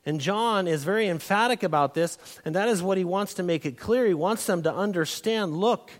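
A high-voiced man preaching with emphatic, drawn-out stresses on key words. His sermon rings through a hall with a long reverb tail. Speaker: pastor.

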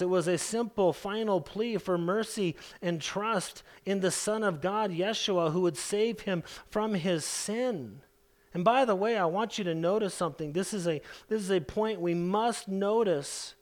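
A man delivers a sermon in a notably high-pitched voice. He preaches with emphasis, stacking rhetorical questions and repeating phrases for weight. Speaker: pastor.

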